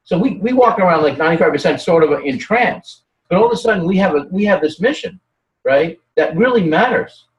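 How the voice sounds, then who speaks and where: Male guest, animated storyteller, slightly high voice, roomy distant recording. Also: brisk, muffled recording. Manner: rambling, animated storytelling with many restarts. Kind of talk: casual conversational chat.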